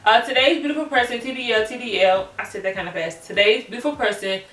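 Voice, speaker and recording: A woman's voice: a little high, fast talker, fairly bright tone, distant mic. A woman co-hosting a reaction channel as the daughter, chatting casually with bubbly greetings. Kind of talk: casual chat. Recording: echoey room, away from the mic.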